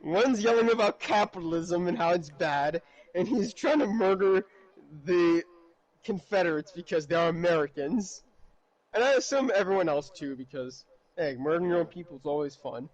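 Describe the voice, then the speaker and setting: High-voiced man telling a story. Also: normal speed, highs cut off. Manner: animated storytelling with frequent laughs. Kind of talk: casual chat.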